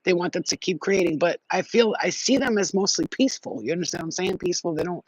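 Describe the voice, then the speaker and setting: A woman hosting a casual spiritual livestream, talking in an animated, slangy way, swearing and laughing often. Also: lowish voice, fast, breathy edge, no room sound, poor audio. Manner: animated, slangy, swears, laughs often, many "you know what I'm saying". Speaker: spiritual channel host.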